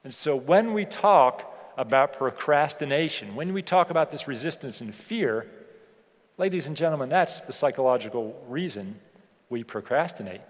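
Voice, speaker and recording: A man giving a motivational keynote speech to an audience. He asks them rhetorical questions and slows down to stress key points. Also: mid-range voice, lively intonation. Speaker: keynote speaker. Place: large hall on stage. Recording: long hall reverb.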